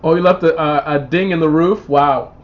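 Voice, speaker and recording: High-voiced man chatting on a lo-fi livestream. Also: moderate pace. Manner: rambling, animated storytelling, reads out viewer comments. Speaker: livestream host. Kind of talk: casual live-stream chat. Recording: dull lo-fi livestream audio.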